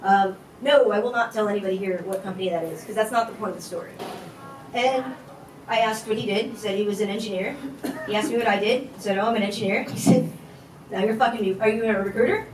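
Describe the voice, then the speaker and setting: A woman's voice: mid-range voice, fast. A woman giving a candid, conversational talk on stage, telling a personal story with casual fillers. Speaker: conference speaker. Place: event hall at a tech company. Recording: echoey hall from far off, faint noise.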